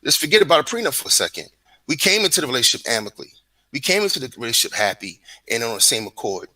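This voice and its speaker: A man joining a casual livestream chat, animated and joking, using street slang. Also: mid-range voice, racing, low-quality recording. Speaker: livestream guest.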